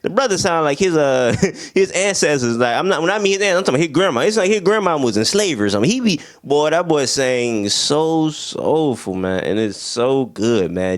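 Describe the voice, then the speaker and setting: A young man hosting a casual music review, talking excitedly in slang, laughing often and breaking into bits of song. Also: a little high, brisk, few pauses, no room sound, studio quality. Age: young adult. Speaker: music reviewer, channel host.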